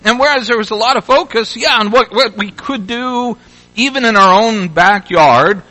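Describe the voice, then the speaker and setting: A man's voice: high-pitched, normal speed, sharp tone, low-quality recording. A man from Louisville, Kentucky, preaching a sermon in a conversational way, with frequent restarts and bursts of rising exhortation. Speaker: pastor.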